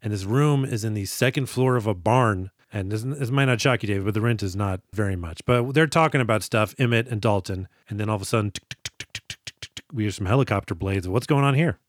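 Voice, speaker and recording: Dude podcast host riffing on a movie, cussy and animated, very dry sound. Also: male voice, lowish voice, quick pace, few pauses, no echo. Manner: animated, profane, jokey recapping. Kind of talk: casual chat about a film.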